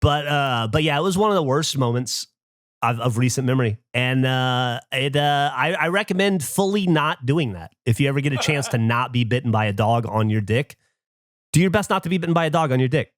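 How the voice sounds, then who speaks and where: A middle-aged man co-hosting a podcast, telling a story in a lively, comic way and breaking into loud shouts when he acts it out. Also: medium pitch, a little fast, no room sound, clean studio sound. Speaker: podcast co-host. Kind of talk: casual chat, comic storytelling.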